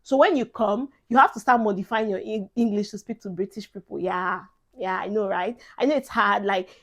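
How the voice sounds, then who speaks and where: A woman's voice: medium pitch, a little fast, a bit bright. A young Nigerian woman vlogging advice in a chatty, emphatic way, dropping Pidgin phrases into her talk. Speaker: vlogger giving advice to incoming students. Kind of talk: casual advice vlog.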